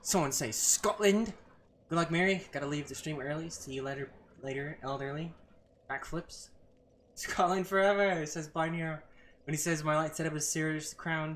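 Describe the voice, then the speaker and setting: A man's voice: fairly high pitch, steady tone, fairly quick, a bit bright, slight background noise. A man streaming a live game session, reading chat aloud and reacting casually to the fight.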